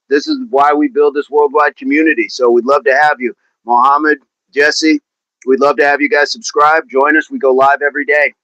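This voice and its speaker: A man with a medium-pitched, fairly bright voice hosts a daily fitness livestream, chatting casually as he stretches and playfully reading viewer comments aloud. The recording is dry and dull, with a lo-fi sound and no room sound.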